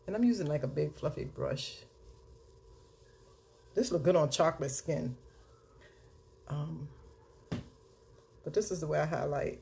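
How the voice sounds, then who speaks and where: A woman talking casually through a makeup tutorial, chatty and unhurried, now and then chanting a catchphrase. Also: sits low, gravelly, warm tone, slight background noise. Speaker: beauty vlogger.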